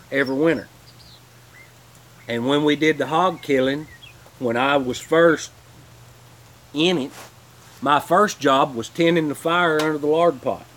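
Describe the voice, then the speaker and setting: A man's voice: mid-range voice, fairly bright tone, a little hiss or hum. A man hosting a homesteading channel, telling rambling, heartfelt stories in a casual livestream.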